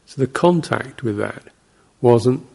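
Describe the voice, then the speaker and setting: Gravelly, husky-voiced monk giving a dharma talk. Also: male voice, medium pitch, animated, slow. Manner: anecdotal and digressive, with soft laughs and short acted-out exclamations. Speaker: Buddhist monk teaching meditation.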